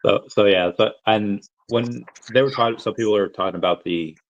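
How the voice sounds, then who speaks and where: Low-voiced rambling male host. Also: moderate pace. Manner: rambling, repeats words often. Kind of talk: casual chat. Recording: dull lo-fi sound.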